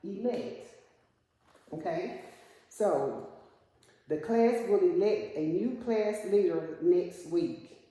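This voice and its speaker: A woman's voice: fairly low pitch, slow pace, pauses often, mellow. A woman teacher walking a student through syllable division, patiently asking questions to prompt answers. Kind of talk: classroom instruction. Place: classroom. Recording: echoey classroom with long reverb.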